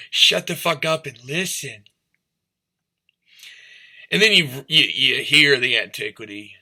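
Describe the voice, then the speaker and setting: Bright-voiced man rambling slowly. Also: fairly high pitch. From St. Louis, Missouri. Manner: rambling, profane, freestyle rhyming, drifting between topics. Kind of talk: rambling stream-of-consciousness monologue.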